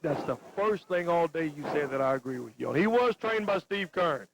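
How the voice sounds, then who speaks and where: A man doing excitable play-by-play for a wrestling match. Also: a little high, brisk, vocal fry. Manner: excitable, exclaiming calls. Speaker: play-by-play announcer. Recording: noisy lo-fi TV broadcast.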